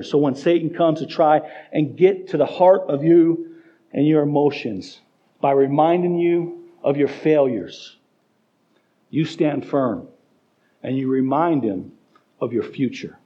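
A man's voice: medium pitch, measured pace, warm tone, slightly rough, dull audio. A male pastor preaching a sermon emphatically, acting out quoted voices along the way. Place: church.

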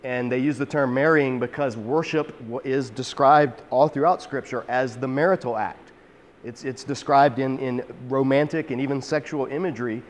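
A man's voice: mid-range voice, big-room sound. A man teaching a Bible chapter verse by verse in a conversational, emphatic way, often restarting his phrases.

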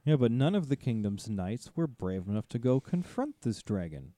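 Amused, mellow man co-hosting a podcast. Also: mid-range voice, sing-song, moderate pace, dry recording. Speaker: podcast co-host. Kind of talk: casual chat.

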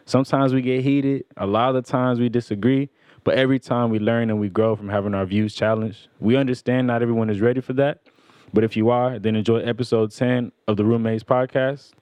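A man's voice: mid-range voice, fairly even intonation, a little fast, darkish tone, dry recording. A young man from Texas hosting a podcast, easygoing and sincere in a casual chat. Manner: easygoing, hype banter, sincere scripted intro. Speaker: podcast host.

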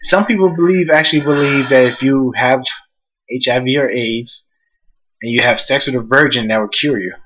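A man with a husky, slightly rough voice co-hosts a casual podcast. He talks in loose, joking banter and teases his co-host. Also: medium pitch, moderate pace, muffled recording. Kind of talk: casual chat.

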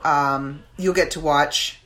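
Chatty low-voiced woman podcaster. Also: steady tone, slow, a bit bright. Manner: chatty, rambling, with many fillers. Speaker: podcast host. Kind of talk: casual chat.

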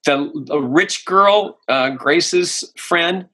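Voice actor dude chatting, husky, kinda higher voice, keeps dropping into little impressions. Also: male voice, very slow. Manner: animated storyteller, slips into voices and impressions. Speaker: voice actor guest. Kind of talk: casual interview chat.

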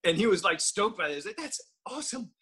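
A man's voice: high voice, quick pace, bright, forceful tone, husky. A man co-hosting a casual podcast, telling stories in a profane, joking way. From United States. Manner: profane, jokey storyteller. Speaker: co-host.

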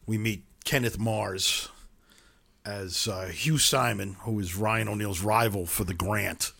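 A man's voice: fairly low pitch, takes it slowly, gravelly, a bit bright. Guy chatting about an old movie on a podcast, lots of uhs. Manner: chatty, trails off with fillers. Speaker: podcast co-host. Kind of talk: casual film discussion.

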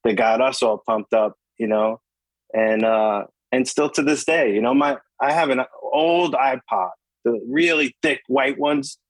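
Laid-back New York musician guest. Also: male voice, mid-range voice, unhurried, no room sound, low-quality recording. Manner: laid-back, filler-heavy. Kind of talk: casual interview chat.

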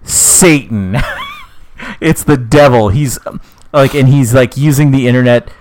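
A man's voice: mid-range voice, steady tone, moderate pace, a little mellow, slight background noise. A young man co-hosting a podcast, telling a rambling, jokey story in casual chat and laughing often. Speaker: podcast co-host.

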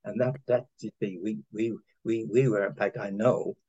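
Older man with a husky, muffled voice. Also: on the low side, fairly even intonation, darkish tone. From Ireland. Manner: halting, full of restarts and chuckles. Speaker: interview guest, former honorary consul. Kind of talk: rambling anecdotal conversation.

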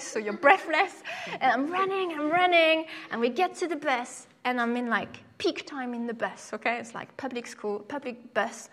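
A young woman preaching, telling a personal story in an animated way and acting out voices. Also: in a large hall. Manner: animated storyteller, acts out voices with sudden high pitch.

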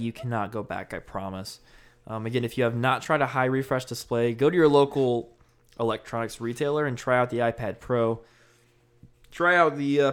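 A man's voice: mid-range voice, smooth. A man hosting a casual tech podcast, rambling and laughing easily as he talks. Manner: relaxed, rambling, laughs often.

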